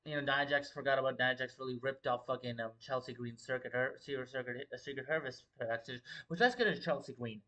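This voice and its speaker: A man's voice: mid-range voice, fast, few pauses, sharp tone. A young man hosting a livestream and talking through wrestling shows in casual, profane, rambling commentary with many repeated filler words. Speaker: wrestling show host.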